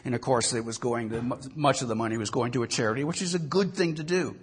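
A man's voice: medium pitch, fast talker, husky. A male pastor giving a sermon, telling a story with animation and often repeating words.

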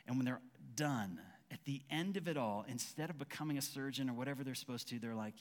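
A man's voice: medium pitch, a little fast, big-room sound. A man preaching a conversational sermon as pastor, acting out quoted dialogue with frequent restarts.

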